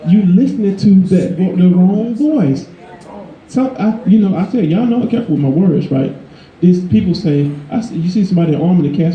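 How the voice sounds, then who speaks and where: A man preaching a sermon in a conversational, emphatic way, his voice climbing higher when he drives a point home. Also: brisk, roomy sound, dull audio, a little hiss or hum. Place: church.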